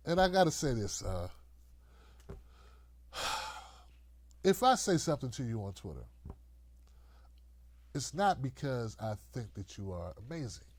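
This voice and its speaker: This middle-aged political commentary host speaks slowly in a medium pitch, leaving long pauses. Still, his rant to camera is loose, mocking and animated, and he frequently acts out the voices of those he quotes.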